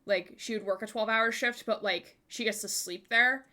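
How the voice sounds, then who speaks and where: A woman's voice: mid-range voice, steady tone, normal speed, bright, forceful tone. A young woman streaming live, chatting with viewers in a bubbly, giggly way at a desk microphone. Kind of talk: casual live-stream chat.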